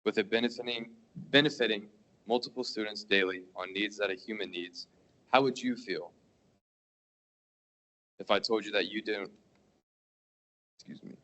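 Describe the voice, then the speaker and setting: A teenage boy, a high school student, giving earnest public comment at a school board meeting and stumbling over his words as he goes. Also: normal speed, long pauses, bright, forceful tone, poor audio. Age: teens. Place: meeting hall.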